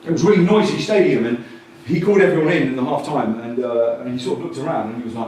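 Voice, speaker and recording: A man giving a jokey, animated talk at a coaching conference and acting out quotes in different voices. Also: mid-range voice, rapid-fire, slight background noise. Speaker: conference speaker. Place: conference hall with audience. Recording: distant mic in an echoey hall.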